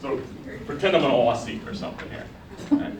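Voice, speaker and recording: A male instructor lectures in a relaxed, conversational way, tossing quick questions at his students. The recording is roomy and distant, picked up from across the classroom with a faint hiss behind him. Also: mid-range voice. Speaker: college biology instructor. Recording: echoey classroom recorded from afar.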